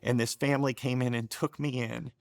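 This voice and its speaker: A man's voice: medium pitch, level tone, a little fast, creaky, no room sound. A middle-aged man telling his personal faith testimony in an earnest, emotional way, often getting choked up and restarting his sentences. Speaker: show co-host sharing his testimony.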